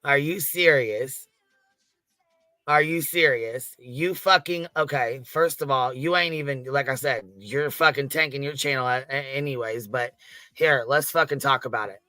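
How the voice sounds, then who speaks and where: A man's voice: medium pitch, normal speed, bright, forceful tone, no echo. A man giving heated, profanity-laced livestream commentary, ranting in disbelief. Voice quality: swears constantly, incredulous ranting.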